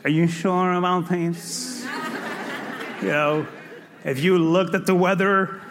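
A man's voice: sits high, slow pace, big-room sound, crowd noise, background noise, voice pushed down. A man voicing fear as a cautious, worried friend who keeps asking hesitant questions. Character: timid fretful personified fear, a cautious male friend.

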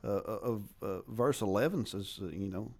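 A man's voice: on the low side, moderate pace, creaky, darkish tone. A man in a casual Bible discussion who makes his points in earnest, emphatic bursts.

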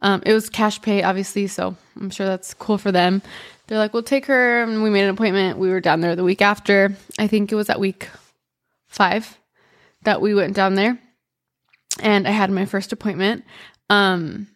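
A woman's voice: mid-range voice, steady tone. A woman hosting her own podcast, telling a personal story casually with lots of "like" and "um". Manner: chatty, full of "like" and "um" fillers, quick bursts and slow pauses. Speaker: podcast host.

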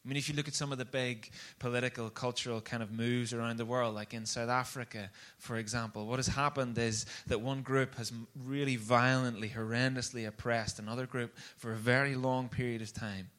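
A man preaching a sermon, telling a story in an animated, conversational way. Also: mid-range voice, brisk, hardly any pauses.

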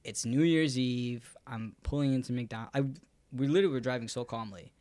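A man's voice: medium pitch, a little fast, no echo. Young man, casual podcast talk, rambling, lots of fillers, dry close sound. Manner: relaxed, rambling, heavy on filler words.

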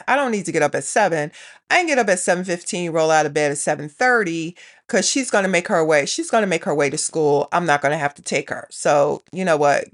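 A middle-aged woman telling a rambling everyday story in a casual vlog, often quoting herself. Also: low-pitched. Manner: chatty, rambling, quotes herself and her daughter. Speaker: vlogger.

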